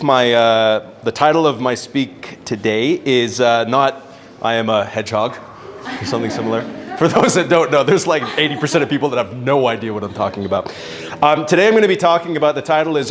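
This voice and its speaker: A man's voice: on the high side, a little hiss or hum. Casual storytelling young man on stage. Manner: casual, swearing, animated storytelling. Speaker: speaker at networking event. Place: event venue with live audience.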